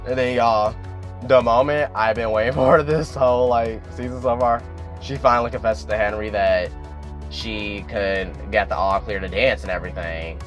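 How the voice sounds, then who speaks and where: A man's voice: on the low side, fairly even intonation, moderate pace, soft background music. A man recapping a TV episode in a chatty, casual way, filling his talk with "like" and "and everything". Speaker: TV recap vlogger.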